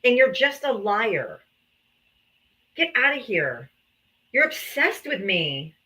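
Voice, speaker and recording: A woman's voice: medium pitch, very animated, takes it slowly, sharp tone, poor audio. A woman hosting a political livestream, combative and taunting, calling out viewers to come up and talk. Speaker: livestream host.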